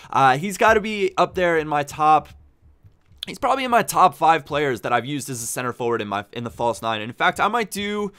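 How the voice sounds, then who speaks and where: A man's voice: fairly high pitch, a bit bright. Upbeat man commentating his football game. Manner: chatty, upbeat, thinks aloud while playing. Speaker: gaming channel host. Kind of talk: casual gameplay commentary.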